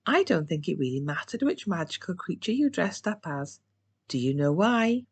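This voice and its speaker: A British woman voicing a gentle, encouraging female gazelle teacher in a storybook. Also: lowish voice, big pitch swings, slightly rough, exaggerated voice. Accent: British English. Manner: slow, warm, sing-song.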